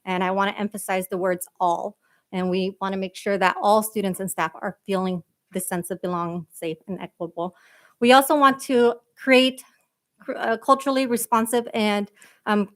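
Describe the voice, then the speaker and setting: A woman walks a school board through her equity report. Her delivery is earnest and emphatic, with frequent fillers between phrases. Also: mid-range voice. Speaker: school district equity director. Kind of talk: board meeting presentation.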